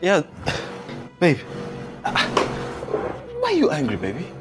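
A man acting out a starstruck Nigerian boyfriend in a skit, his pitch leaping all over the place. He gushes eagerly and apologizes in a hurry. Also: wildly swooping pitch, measured pace, over loud music, heavily acted. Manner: gushing, then apologetic.

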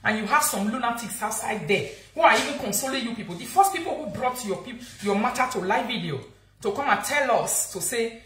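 A woman's voice: mid-range voice, fairly bright tone, echoey room. A woman with a Nigerian accent, scolding and insulting someone in a heated live-video rant. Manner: angry, insulting, repetitive scolding. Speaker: social media vlogger.

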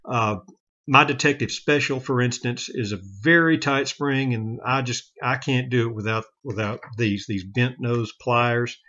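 A man giving a casual how-to demonstration of taking a revolver apart, talking plainly with halting restarts and self-corrections. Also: medium pitch, bright, forceful tone, dull audio. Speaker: gun hobbyist demonstrating revolver repair.

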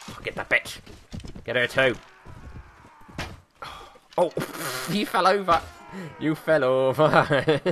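A British man hosting a gaming channel, giving live gameplay commentary with excitable, sweary banter aimed at the characters on screen. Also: medium pitch, a little hiss or hum.

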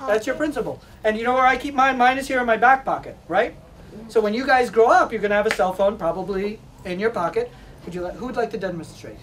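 A man's voice: high voice, fast talker, a bit bright, distant mic, a little hiss or hum. A man running a playful, teasing demonstration for a class of children, joking and laughing often. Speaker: museum presenter. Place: school room with children.

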